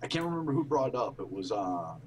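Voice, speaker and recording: A man's voice: on the low side, sing-song, fast talker, slight background noise, poor audio. A man co-hosting a gaming podcast, speaking earnestly and rambling a bit with restarts. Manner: earnest, rambling, with false starts. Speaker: podcast co-host. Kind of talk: casual reflective chat.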